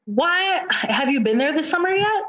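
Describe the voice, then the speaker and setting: A woman's voice: high-pitched, animated, normal speed, a bit bright. A woman from Indiana co-hosting a podcast, chatting casually in an enthusiastic, playful way. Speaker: podcast co-host. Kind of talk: casual chat.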